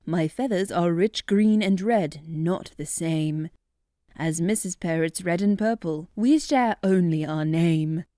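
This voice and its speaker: A woman's voice: on the low side, takes it slowly, warm tone, dry recording, clean studio sound. A woman voicing a fussy, indignant male parrot in a children's storybook.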